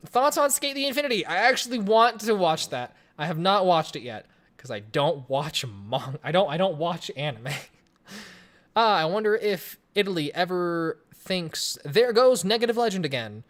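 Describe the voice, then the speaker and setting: Lively young streamer reading chat questions. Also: medium pitch, normal speed. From Colorado, USA. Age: 20s. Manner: rambling, joking, chatty with frequent restarts. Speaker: livestream host. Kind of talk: casual livestream Q&A reading chat aloud. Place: home room, in front of a webcam. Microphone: desk microphone on a stream setup.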